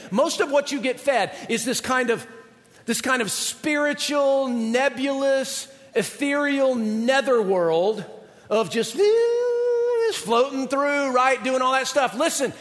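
Man, pastor, animated funny sermon, very high voice, church hall echo. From Georgia, US. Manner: animated, humorous, conversational.

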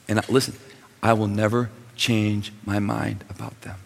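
A male pastor preaching a passionate sermon, swinging between quiet intensity and loud emphasis, heard with long hall reverb. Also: lowish voice, level tone, moderate pace, creaky.

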